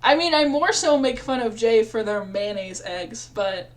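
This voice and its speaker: A young woman with a high, bright-pitched voice, reading a dating-sim game aloud for a let's play. She rambles, giggles and mocks herself between lines of game text. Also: animated, unhurried, a little hiss or hum. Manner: giggly, rambling, self-mocking. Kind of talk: reading a visual novel aloud with chat.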